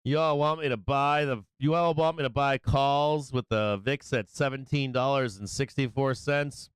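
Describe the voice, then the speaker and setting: A man hosting a live stock market stream, giving brash, excitable trader banter as prices move. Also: medium pitch, moderate pace, clean tone, no room sound. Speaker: stock market livestream host.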